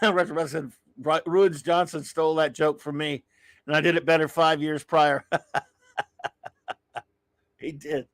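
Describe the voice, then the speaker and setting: Middle-aged male host, exasperated and rambling, fairly high voice, dry recording. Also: steady tone, a little slow, long pauses, no echo. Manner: exasperated, rambling, with sighs and restarts. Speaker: show host. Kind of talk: casual live-stream rant.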